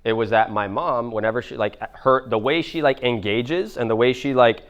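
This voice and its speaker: A man's voice: mid-range voice, moderate pace, smooth, lo-fi sound. A man in his twenties, a business coach answering audience questions, talking casually with lots of fillers and swearing. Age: 20s. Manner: acts out others' voices in quoted dialogue. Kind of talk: live coaching Q&A.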